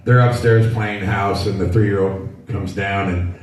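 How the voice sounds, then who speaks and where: A man's voice: lowish voice, fairly even intonation, a little slow. A man in his sixties doing a stand-up routine in a dry, rambling storytelling way. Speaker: stand-up comedian. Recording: echoey venue, mic from far off, faint noise.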